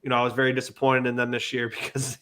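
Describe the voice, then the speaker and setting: A man's voice: medium pitch, monotone, very fast, sharp tone. A man on a sports podcast panel, talking in a casual, rambling way and often repeating himself.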